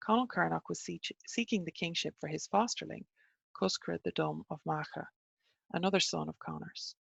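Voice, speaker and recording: A woman's voice: low voice, creaky, husky, dry recording, muffled recording. An Irish woman reading an old Irish tale aloud and breaking off for blunt, chatty asides. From Ireland. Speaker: teacher of Irish lore. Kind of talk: casual reading and commentary.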